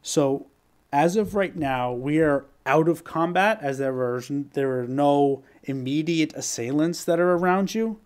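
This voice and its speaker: A man's voice: on the high side, unhurried, darkish tone, smooth. A man narrating a tabletop game as game master, describing scenes and building suspense.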